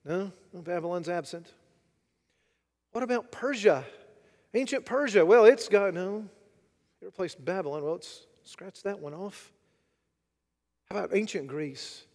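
A man preaching a sermon, dramatic and rhetorical, swinging between loud declarations and hushed asides. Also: high-pitched, animated, measured pace, pauses often, in a large hall. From United States. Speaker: pastor.

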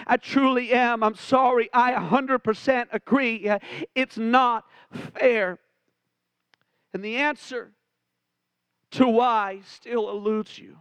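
A man delivers a heartfelt sermon as pastor in a strikingly high, smooth, clear voice. He is emotional, stumbling over repeated words and filling pauses with "uh." The sound is dry and close. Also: a bit bright, no room sound. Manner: frequent "uh" fillers.

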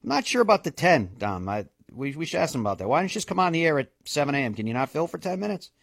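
A man's voice: on the high side, sing-song, rapid-fire, vocal fry, no echo, clean studio sound. A man hosting a golf radio show, chatty and jokey as he rattles off the week's broadcast schedule. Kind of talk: casual radio recap.

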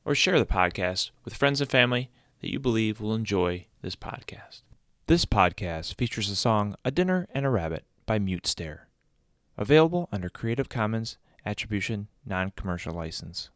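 Lively low-voiced man announcing over music. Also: normal speed, no room sound. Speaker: podcast announcer. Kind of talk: scripted intro and outro. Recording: dry close mic with faint music. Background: soft music.

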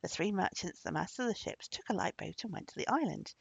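Expressive woman reading a storybook. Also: fairly low pitch, fast talker, gravelly, husky, no echo. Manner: expressive, with lively intonation. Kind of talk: storybook narration. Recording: dull lo-fi recording.

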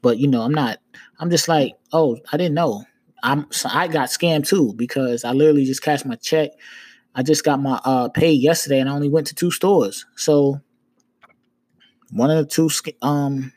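A man's voice: fairly high pitch, normal speed, a little mellow. A man hosting a podcast, retelling a personal story in a loose, repetitive, casual way and swearing freely. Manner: loose, repetitive retelling with frequent "you know what I'm saying". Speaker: podcast host.

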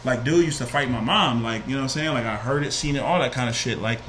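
Animated New Jersey man, quick profane storyteller, slightly roomy sound. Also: mid-range voice, slight background noise. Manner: animated, profane, acts out quotes. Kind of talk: casual storytelling chat.

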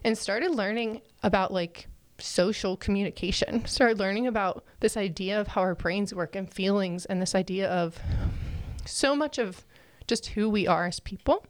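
A young woman telling a personal story in casual chat, animated and laughing often as she acts out what people said. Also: medium pitch, normal speed, no echo.

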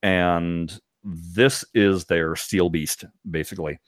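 A man's voice: low voice, steady tone, slow pace, no echo, clean studio sound. A man hosting a podcast, chatting casually and animatedly, with frequent laughs. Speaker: podcast host. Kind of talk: casual chat.

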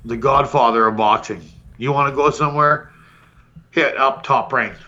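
A man's voice: medium pitch, normal speed, bright, forceful tone, highs cut off. A man hosting a podcast, delivering a brash, profane comedic roast rant. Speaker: podcast host.

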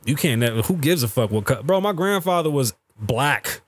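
A man's voice: mid-range voice, animated, moderate pace, slight background noise. A man ranting as a podcast host, telling stories in a heated and profane way. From the Bronx, New York. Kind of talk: casual podcast rant.

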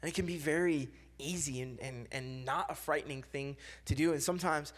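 A man's voice: on the high side, brisk. A young man giving a casual sermon, talking loosely with many fillers and repeats and acting out quoted voices.

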